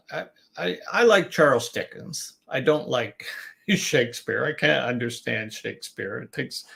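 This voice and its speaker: Slow, gravelly older man teaching. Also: mid-range voice. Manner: chatty, restarts sentences, models word stress by repeating words. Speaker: business English coach. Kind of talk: informal online teaching talk.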